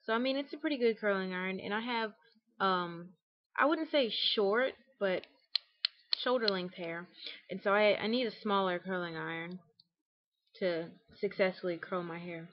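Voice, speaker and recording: A woman's voice: medium pitch, normal speed. A young woman vlogging a casual how-to tutorial at home, chatty, with lots of fillers like "um" and "like". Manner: chatty, with many fillers and acted quotes. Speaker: beauty vlogger. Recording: dull lo-fi webcam audio.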